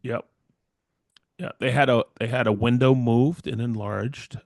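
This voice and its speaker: A man's voice: mid-range voice, a little slow, vocal fry, no room sound, clean studio sound. A middle-aged man co-hosting a casual podcast chat, telling stories and acting out the people in them with big jumps in his voice. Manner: animated storyteller who acts out quoted dialogue. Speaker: podcast co-host, woodworker.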